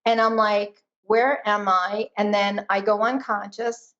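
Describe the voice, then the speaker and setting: A woman guest telling a personal story in an animated, emphatic way during a conversation. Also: mid-range voice, slow, dull audio. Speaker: guest, energy intuitive.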